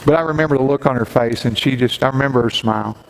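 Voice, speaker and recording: A middle-aged man, a pastor giving a Mother's Day sermon and telling a personal story with gentle humor. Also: medium pitch, fast, vocal fry. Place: church sanctuary. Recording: long hall reverb, faint background noise.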